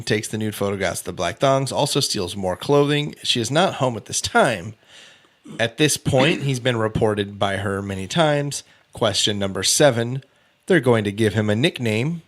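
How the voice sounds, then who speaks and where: A podcast host runs a casual true crime show, reading through a case timeline with offhand asides and quick corrections of himself. His voice is mid-range and a bit bright.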